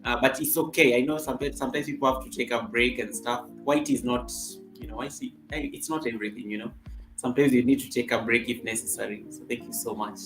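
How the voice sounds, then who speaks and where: Brief: male livestream host from Kenya, casual chat, greets viewers by name, mid-pitched, echoey room. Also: steady tone, quick pace, fairly bright tone, faint music behind.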